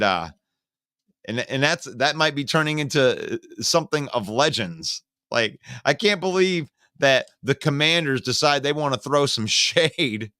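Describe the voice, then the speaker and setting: Male sports stream host, crisp and dry up close, talks loose and opinionated to his live chat. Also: a little high, dry recording. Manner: chatty, greets viewers by name and reads comments; opinionated and animated, rants with sarcasm. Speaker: sports talk show host.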